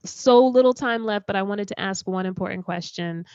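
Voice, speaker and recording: A woman hosts an interview and speaks to her listeners with upbeat encouragement. Her voice is smooth and clear. The sound is dry and a little dull, like a lo-fi recording. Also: medium pitch, moderate pace, a little mellow, no echo. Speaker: podcast host. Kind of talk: casual interview.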